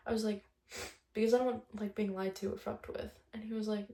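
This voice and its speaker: A woman's voice: mid-range voice, steady tone, fast talker, vocal fry, warm tone, roomy sound. A young woman vlogger telling a breakup story in a chatty, casual monologue, swearing often and retelling conversations line by line.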